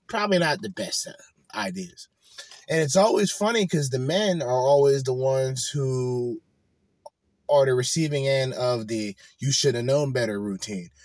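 A man's voice: mid-range voice, dry recording. Profane, blunt man ranting. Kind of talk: ranting commentary.

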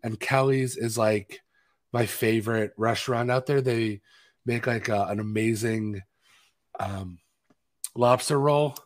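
A man's voice: mid-range voice, measured pace, pauses often. A man co-hosting a live film podcast in a casual, rambling chat full of fillers. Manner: rambling, chatty, with many fillers. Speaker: podcast co-host.

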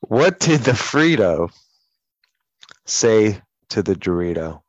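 A man with a low-pitched voice tells stories in a crude, profane, sardonic way during casual on-air banter. His voice sounds dull and dry, like a close studio mic with little treble. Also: big pitch swings, slow, no echo. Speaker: radio co-host.

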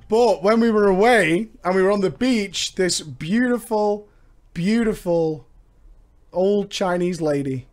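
Hoarse, excitable young man on a webcam. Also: high voice. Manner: excitable, swearing, laughing. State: lost his voice. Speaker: vlogger. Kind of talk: casual webcam vlog. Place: indoors at a desk.

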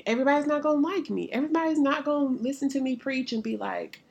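A woman's voice: sits high, fast talker, vocal fry, darkish tone, lo-fi sound. A woman in her thirties with a Southern Alabama accent, hosting her podcast in a chatty, candid way as a pastor and therapist. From Alabama, US Southern states. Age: 30s. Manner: chatty and candid, with frequent fillers and laughter. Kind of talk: casual podcast monologue.

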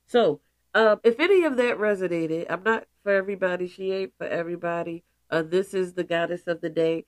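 Speaking briskly in a fairly low voice with no room sound, a congested woman hosts a spiritual podcast. Her casual talk is emphatic and full of playful asides, and she addresses listeners as goddesses.

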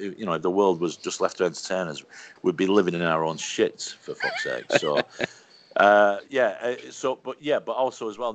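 A man, a stand-up comedian telling rambling anecdotes, swearing freely and laughing as he goes. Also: low-pitched. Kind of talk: casual conversational storytelling.

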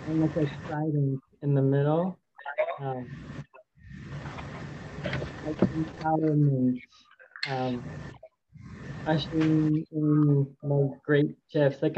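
A hesitant speaker with a mid-range voice talks slowly and dreamily in a sharing circle. The sound is dull, with clear noise behind. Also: mid-range voice. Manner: hesitant, dreamy, many fillers. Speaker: participant.

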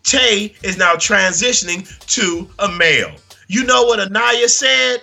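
A man's voice: high-pitched, animated, unhurried, vocal fry, few pauses, bright, forceful tone, faint music behind. A man hosting a comedy podcast segment, delivering a profane, mocking rant.

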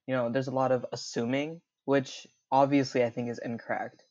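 A man's voice: medium pitch, normal speed, few pauses, darkish tone, dry recording. A young man telling his own story in a casual interview, chatty and full of fillers, laughing often. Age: young adult. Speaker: interview guest. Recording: dull lo-fi recording.

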